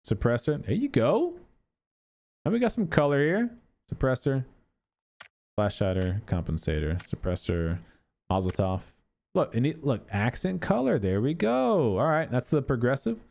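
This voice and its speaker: A male content creator walks through game cosmetics in a loose, casual way. His pitch jumps around a lot as he rants. He swears freely and sounds exasperated. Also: normal speed, gravelly. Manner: animated, exasperated ranting with profanity.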